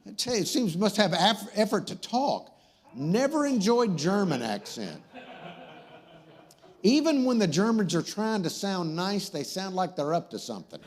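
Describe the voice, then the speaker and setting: Wisecracking man hosting, high voice. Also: sing-song, normal speed. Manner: rambling, wisecracking, easily sidetracked. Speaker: talk show host. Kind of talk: comedic talk show monologue.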